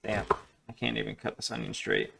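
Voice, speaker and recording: Cooking at home, a man rambles through a casual vlog and jokes at his own expense. He talks briskly in a fairly low, level, creaky voice, and the recording is very noisy.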